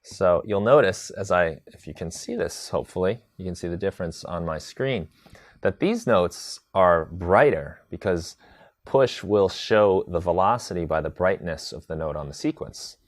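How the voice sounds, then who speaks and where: A man teaching a live tutorial on drum sequencing, chatty and relaxed, answering viewer questions as he demonstrates. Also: low voice, moderate pace, dry recording. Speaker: music production instructor.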